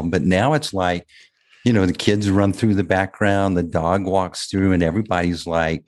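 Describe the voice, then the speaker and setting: A man with a notably deep voice hosts a casual podcast conversation. He speaks in halting bursts, restarting sentences and doubling words as he feels his way forward. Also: darkish tone. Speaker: podcast host and business owner.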